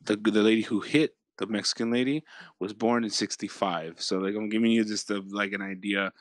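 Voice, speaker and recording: A man's voice: on the low side, fairly even intonation, fairly quick, no room sound. A man co-hosting a casual podcast, telling a profane story full of restarts, laughs and swearing. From Los Angeles. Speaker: podcast co-host. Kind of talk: casual chat.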